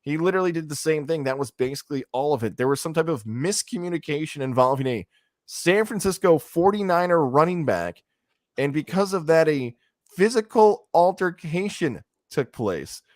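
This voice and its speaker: A man's voice: on the high side, animated, moderate pace, dry recording, studio quality. A man co-hosting a sports radio show in casual chat, tossing in wry quips while he lays out a story.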